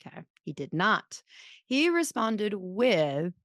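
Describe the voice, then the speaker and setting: A woman's voice: fairly low pitch, expressive, moderate pace, no echo, studio quality. A woman in her thirties hosting a podcast, telling stories in a rambling, self-deprecating casual chat. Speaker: podcast host.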